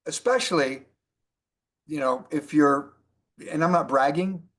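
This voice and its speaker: Delivering a motivational training session, a middle-aged man working as a network marketing trainer stays animated and hammers key points through repetition. He speaks unhurriedly in a fairly high voice.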